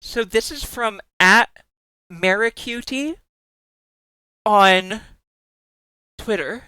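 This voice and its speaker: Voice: mid-range voice, drawn-out words, pushed and bright, clear, resonant tone, no echo. A young adult live streamer chatting casually, giggling often, gushing over cute pictures and swearing freely.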